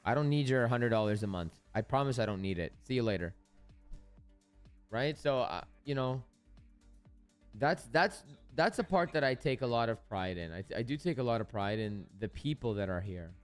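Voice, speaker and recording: Smooth-voiced man hosting a casual live stream. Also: medium pitch, expressive, moderate pace, soft background music. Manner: casual and blunt, swears, talks straight to the viewers. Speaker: live-stream trading host.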